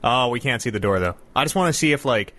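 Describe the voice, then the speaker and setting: A man hosts a relaxed podcast, talking in a middle pitch. He jokes and rambles with quick asides about games. He sounds like he is on a remote call. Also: no echo. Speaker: podcast host. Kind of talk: casual chat. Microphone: remote call mic.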